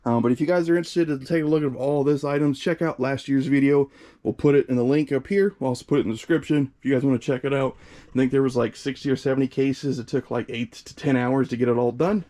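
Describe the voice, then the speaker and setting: A young man hosts a casual vlog outdoors beside a storage shed, speaking in a medium-pitched voice. He sounds slightly winded from the heat and talks in a chatty, enthusiastic way, full of fillers. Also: fairly even intonation, fast, warm tone, no echo. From Midwest US. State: out of breath from the heat. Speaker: fireworks channel host. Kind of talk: casual vlog showing products.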